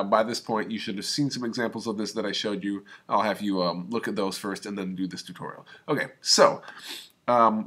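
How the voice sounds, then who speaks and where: Man talking through a software tutorial. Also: mid-range voice. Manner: casual, talks through each click step by step. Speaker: teacher. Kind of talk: screen-recorded software tutorial.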